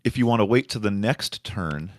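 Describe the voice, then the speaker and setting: A man's voice: on the low side, expressive, moderate pace. A man at a board game playtest who offers strategy advice and makes dry jokes. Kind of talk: casual chat during a board game playtest.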